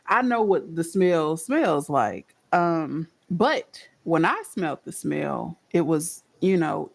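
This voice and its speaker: A woman's voice: on the low side, darkish tone. A woman reacting to a clip in casual chat, musing aloud and asking her viewers questions. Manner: chatty, musing, asks the viewers. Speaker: reaction vlogger.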